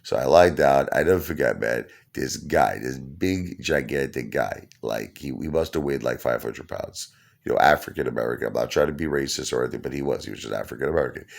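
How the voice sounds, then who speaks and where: Deep, gravelly male storyteller; rambling, animated comedic anecdote. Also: brisk. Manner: rambling, animated, repeats himself, laughs at his own story.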